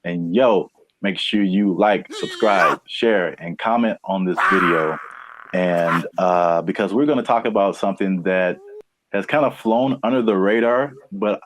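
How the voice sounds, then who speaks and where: A man from California co-hosting a casual podcast, laid-back and quick to laugh, often trailing off mid-sentence. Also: deep voice, noisy background. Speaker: podcast co-host.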